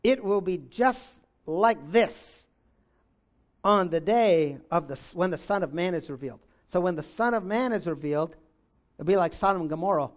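A man preaching a sermon, reading scripture aloud and swinging between loud exclamations and low, intense stretches. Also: lively intonation, moderate pace.

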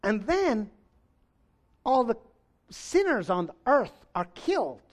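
High-voiced animated male preacher. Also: slow pace. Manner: animated, shifts from loud exclamations to low intensity. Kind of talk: sermon with scripture reading.

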